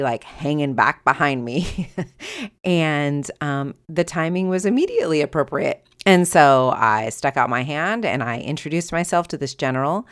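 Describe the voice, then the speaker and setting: A middle-aged woman hosting a podcast, telling a personal story in an animated way and acting out the dialogue. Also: low voice, clean tone. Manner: animated, acts out quoted dialogue. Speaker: podcast host.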